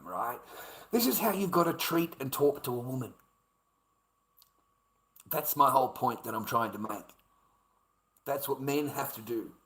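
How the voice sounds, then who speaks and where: Older aussie guy ranting and swearing, sharp bright voice, echoey room. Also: medium pitch. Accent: Australian. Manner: aggrieved, swearing, repetitive rant. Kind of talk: ranting vlog monologue.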